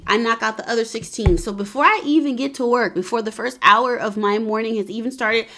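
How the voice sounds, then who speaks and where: A woman hosting a casual motivational vlog and podcast, chatty and encouraging, laughing often as she shares tips with viewers. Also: a little high. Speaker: wellness vlogger and podcast host.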